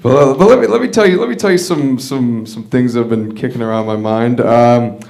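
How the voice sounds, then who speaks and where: A man's voice: mid-range voice, a little fast, vocal fry, a little mellow. A man doing a stand-up set at an open mic, delivering one-liners with lots of hesitation and repeated words. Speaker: stand-up comedian.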